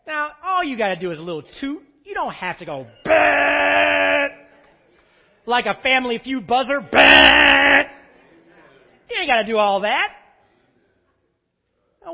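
A man's voice: extremely high pitch, big-room sound, muffled recording. A man preaching a sermon as pastor, calling out to the congregation for responses.

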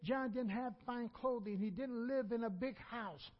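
High-voiced, slow-preaching man in a church. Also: muffled recording. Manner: call-and-response, repeats lines for emphasis. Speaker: pastor. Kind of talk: sermon.

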